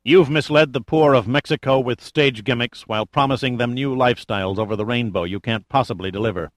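A man's voice: medium pitch, brisk, no echo, close to an everyday voice. A male narrator voicing a defiant, sarcastic male adventurer who talks bluntly and casually.

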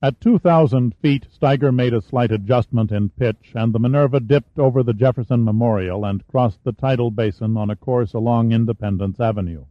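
A man narrates a thriller in a steady, measured storytelling voice. The recording is dry and close, with a slightly dull, muffled top end. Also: no room sound. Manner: even storytelling, shifts pitch for dialogue. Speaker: audiobook narrator. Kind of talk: scripted narration with character voices.

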